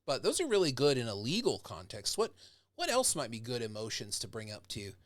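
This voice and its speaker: New guy professor lecturing, chatty, dry close sound, middle pitch. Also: huge pitch swings, a little fast, no echo. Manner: conversational, acts out example speakers with rising intensity. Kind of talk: casual lecture.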